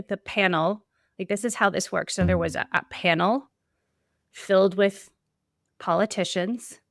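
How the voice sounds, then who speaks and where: A woman's voice: fairly low pitch, creaky, dry recording, studio quality. A woman hosting a solo podcast, talking in an earnest, emphatic way with repeated build-ups. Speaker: podcast host.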